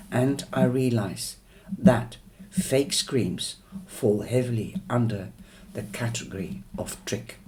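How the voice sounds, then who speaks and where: A man's voice: medium pitch, a little mellow. A man reading a novel chapter aloud, with small slips and restarts. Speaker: audiobook reader.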